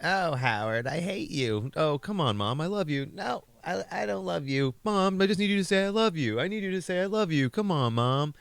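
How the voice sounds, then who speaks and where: Brief: man's impression of a whiny, high-voiced grown son pleading with his mother. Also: lively intonation, normal speed, gravelly, hardly any pauses, smooth. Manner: whining, begging, high-pitched.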